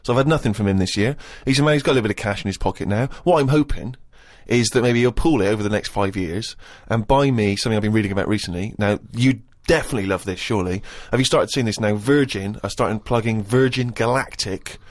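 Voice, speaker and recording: A man's voice: fairly low pitch, quick pace, hardly any pauses. A man co-hosting a radio chat in a dry, teasing manner. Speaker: radio co-host. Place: radio studio.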